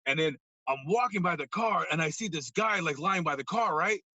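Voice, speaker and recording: A man, a podcast guest, animatedly telling a story, acting out scenes and swinging from hushed to loud. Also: on the high side, animated, normal speed, no room sound, highs cut off.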